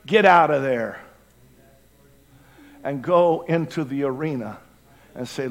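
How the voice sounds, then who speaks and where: A man preaching an altar call sermon, fervent, swinging between loud cries and hushed pleading. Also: fairly high pitch, takes it slowly, pauses often.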